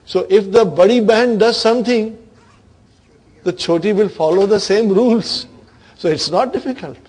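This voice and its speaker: A man's voice: sits high, moderate pace, a little mellow, slightly rough. A man teaching an Arabic grammar class, who keeps checking in with his students and leads them in repeating phrases back to him. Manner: drills the class in call-and-response.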